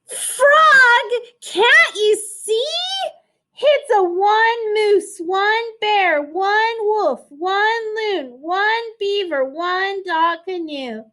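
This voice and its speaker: A high, piping little girl in a storybook read-aloud, fed up with her crowded canoe, as a woman puts her on. She shouts her complaints and chants her counts in a sing-song lilt, drawn out and unhurried. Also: exaggerated voice. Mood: exasperated. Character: exasperated young girl captain of a crowded canoe.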